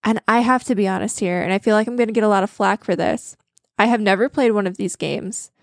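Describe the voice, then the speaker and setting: A woman's voice: mid-range voice, fast, creaky, no room sound. Female podcast co-host, candid and self-deprecating, mid-range voice, dry close mic. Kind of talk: casual chat.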